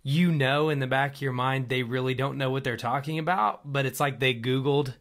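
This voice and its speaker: A man's voice: medium pitch, steady tone, moderate pace, a bit bright. A young man co-hosting a casual faith podcast, joking and laughing often as he talks. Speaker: podcast co-host.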